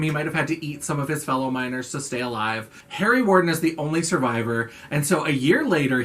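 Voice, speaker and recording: Playful, animated woman vlogger. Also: low voice. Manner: playful, sarcastic, theatrical asides. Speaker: horror vlogger. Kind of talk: casual video chat.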